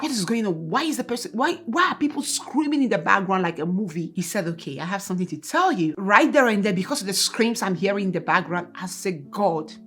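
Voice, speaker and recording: Woman, co-host, emotional and tearful testimony, mid-pitched, faint music underneath. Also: a bit bright. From Ghana. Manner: earnest and emotional, reliving events in detail. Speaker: co-host of a Christian couple's channel. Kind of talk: personal testimony.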